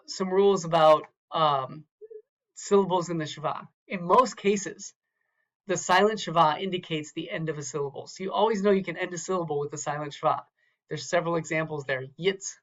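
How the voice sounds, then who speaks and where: This recorded slide lecture features a male Hebrew teacher who sounds out words one syllable at a time and then repeats them. His voice is fairly high and bright, though the recording is muffled.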